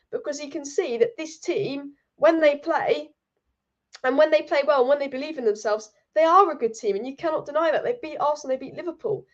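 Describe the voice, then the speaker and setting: A young woman hosting a live-stream football fan channel, ranting heatedly and reading out viewer comments. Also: sits high. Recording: dull lo-fi stream audio.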